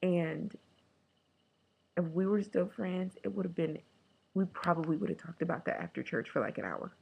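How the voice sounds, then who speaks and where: A woman talking candidly in a casual video diary, emotional and joking, sometimes breaking into a squeaky high chant. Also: lively intonation, normal speed, creaky, husky, highs cut off. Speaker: vlogger.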